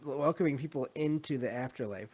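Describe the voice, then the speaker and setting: A man's voice: medium pitch, a little fast. A podcast host chatting loosely about a movie, with a lot of ums, restarts and asides to his live chat. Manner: rambling, many fillers, reads live chat. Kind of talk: casual movie review chat.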